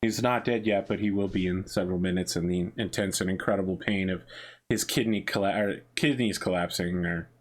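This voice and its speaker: A man's voice: deep voice, steady tone, a little fast. A man running a tabletop role-playing game, casually explaining rules and outcomes and laughing often. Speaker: game master.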